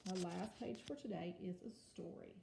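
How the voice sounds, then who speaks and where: A woman teaching a kindergarten home-learning lesson, speaking slowly and carefully and sounding out words for young children. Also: lowish voice, vocal fry. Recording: echoey room with faint noise.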